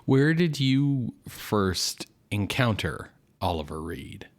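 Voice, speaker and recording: A man co-hosting a podcast in casual chat, stuffed up and congested, pushing his voice low. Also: big pitch swings, takes it slowly. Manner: talks low to hide a stuffed nose. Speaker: podcast co-host.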